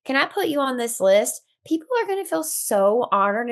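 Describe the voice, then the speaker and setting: A woman's voice: mid-range voice, expressive, moderate pace, hardly any pauses. A woman doula speaking as a podcast guest, giving earnest, encouraging advice and getting emotional at times. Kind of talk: heartfelt interview talk.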